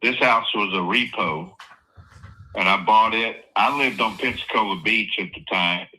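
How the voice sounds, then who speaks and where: A man's voice: fairly low pitch, measured pace, bright, forceful tone, poor audio. A man telling a blunt, profane story about selling his property. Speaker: property seller. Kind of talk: casual storytelling on a live call.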